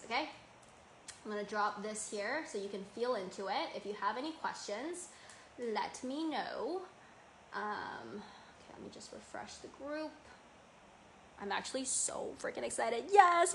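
A woman's voice: mid-range voice, fairly bright tone, a little hiss or hum. A woman hosting a podcast as a self-love coach, talking in a gushing, enthusiastic, casual way.

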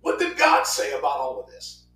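A man preaching a sermon in an animated style, rushing through quick asides and breaking into sudden shouts. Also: mid-range voice, echoey room, distant mic, faint music behind, rough recording.

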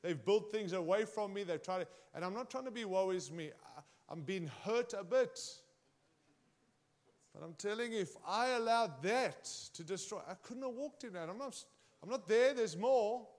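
A man preaching a sermon, speaking emphatically and straight to his congregation, swinging his pitch and volume widely. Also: animated, moderate pace.

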